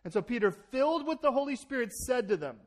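A man preaching a sermon as pastor, animated, acting out quoted exchanges and repeating words as he starts a thought. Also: very high-pitched, fast.

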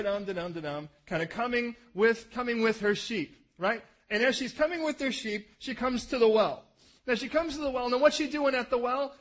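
Husky, animated male pastor preaching. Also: sits high, rough recording. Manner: animated storytelling, acting out scenes. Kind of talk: sermon.

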